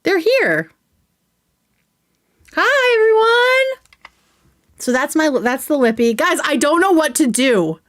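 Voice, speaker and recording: A young woman hosting a livestream, chatting casually and excitedly while reviewing makeup, swearing now and then. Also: high-pitched, normal speed, few pauses, dry recording, clean studio sound. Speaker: livestream host.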